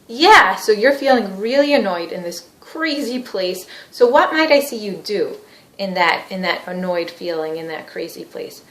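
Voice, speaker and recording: A woman therapy trainer guiding a demonstration session, explaining her steps and gently validating the people she questions. The voice sits in an echoey room, mid-pitched and steady. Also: normal speed. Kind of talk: teaching demonstration with role-play.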